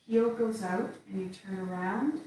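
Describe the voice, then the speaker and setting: A woman teaching a qigong form, calmly cueing each step as she moves through it. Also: medium pitch, normal speed, slight background noise. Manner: calm step-by-step cueing while moving. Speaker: qigong instructor. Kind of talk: guided movement class. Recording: echoey room from far off.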